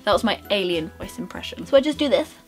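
A woman's voice: mid-range voice, lively intonation, quick pace, soft background music. A young woman talking through her makeup routine in a bubbly, rambling, self-mocking way. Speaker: beauty vlogger. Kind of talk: casual makeup tutorial chat.

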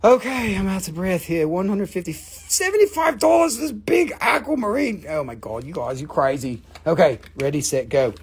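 A woman hosting a live online rock and mineral sale, talking excitably with lots of cursing and quick countdowns. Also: medium pitch. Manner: excitable, profane, rapid countdowns. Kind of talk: live online sales show.

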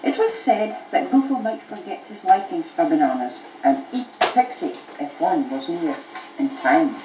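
Woman reading a bedtime story, lively expressive pitch, mellow tone, echoey muffled cassette, faint hiss. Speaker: mother reading to her child.

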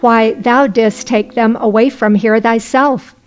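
A woman's voice: a little high, fairly even intonation, measured pace, soft background music, lightly acted. A woman voicing a group of whining, cowardly innkeepers in a folk tale.

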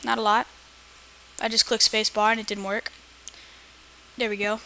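A woman giving excitable let's play commentary, often yelling at the game. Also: mid-range voice, normal speed, a little hiss or hum. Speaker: gamer. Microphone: personal computer mic.

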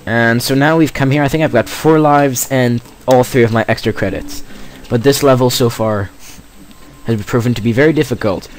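A man's voice: medium pitch, moderate pace. A teenage boy doing gameplay commentary, rambling and jokey with self-mocking asides. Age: teens. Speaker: let's play gamer.

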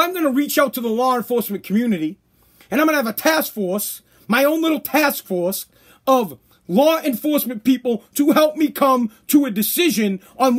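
A man with a very high voice rants through a casual podcast monologue. He swears freely and mocks with sarcasm, sounding worn out and tired. The talk is loose and profane. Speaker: podcast host.

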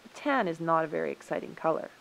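A woman voicing a vain, fussy male coyote in a storybook reading, talking in an excitable, raised way. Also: deep voice, fast talker, gravelly, low-quality recording.

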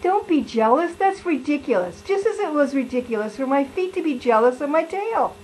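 A woman's voice: high voice, expressive, moderate pace, darkish tone, a little hiss or hum, poor audio. A woman voicing a playful, chatty lion who preaches a children's sermon in a sing-song, exaggerated way. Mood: preachy.

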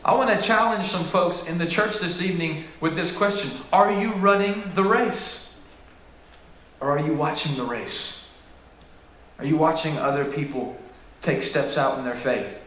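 A man's voice: a little high, moderate pace, a bit bright. A man pastor preaching a sermon with impassioned, rising exhortations. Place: church sanctuary. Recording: echoey church hall.

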